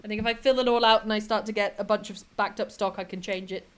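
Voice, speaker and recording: A woman's voice: medium pitch, steady tone, quick pace, clear, resonant tone. A woman chatting casually with her live-stream viewers while she plays a building game, giggling often and answering chat between tasks.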